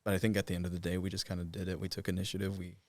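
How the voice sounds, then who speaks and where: A young man from the Cherokee Nation with a deep, low voice talks loosely as a guest in a casual interview, filling his sentences with "like"s and small restarts. The sound is close and dry, with no room around it. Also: completely flat delivery, very fast, darkish tone, dry recording. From Cherokee Nation, Oklahoma. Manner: loose, filler-heavy talk, many "like"s. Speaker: voice actor guest.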